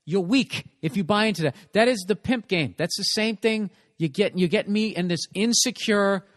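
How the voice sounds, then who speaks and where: Podcast host guy going off, swearing a lot, kinda high voice, super dry close mic. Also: moderate pace, a bit bright, dry recording. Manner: profane, ranting, emphatic. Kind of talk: casual comedic chat.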